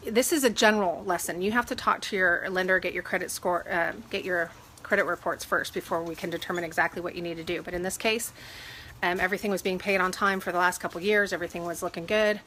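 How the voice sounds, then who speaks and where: A woman real estate agent giving casual advice, sniffling from a cold and animated when she retells her arguments. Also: on the low side, fast, slight background noise. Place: home with dogs.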